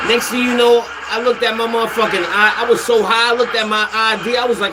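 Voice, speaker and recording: A man telling a comic story in a loud, animated and profane way, repeating himself for effect. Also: very high voice, a little fast, hardly any pauses, background noise.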